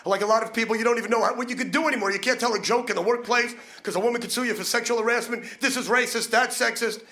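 A male stand-up comedian with a brash, fast-talking manner, needling the crowd from a comedy club stage during a live set. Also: very high-pitched, steady tone, bright, forceful tone. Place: comedy club stage before a laughing audience. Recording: noisy live club recording.

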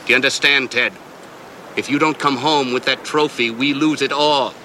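A man's voice: mid-range voice, steady tone, moderate pace, pushed and bright, slight background noise, lightly acted, rough recording. An actor playing a stern, wealthy father who threatens his son in a comedy sketch. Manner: stern, menacing.

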